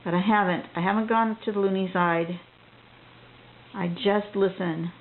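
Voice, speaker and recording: A woman's voice: mid-range voice, fairly even intonation, normal speed. A woman teaching a drawing tutorial, talking casually and thinking aloud as she works, rambling with frequent restarts. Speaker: drawing instructor. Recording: tinny phone-like audio with faint noise.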